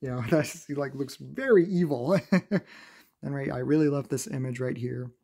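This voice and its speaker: A man recapping a comic book in a casual, chatty review, laughing often and filling pauses with "uh". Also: medium pitch, creaky, dark tone, husky.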